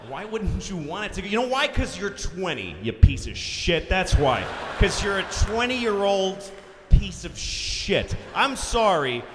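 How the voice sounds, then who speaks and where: A man in his forties from Boston performs stand-up, ranting with profanity and dropping deadpan asides in a fairly high voice. His mic picks up the long reverb of a big concert hall and faint room ambience. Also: background noise. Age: 40s. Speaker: stand-up comedian. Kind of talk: live stand-up comedy. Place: large concert hall stage.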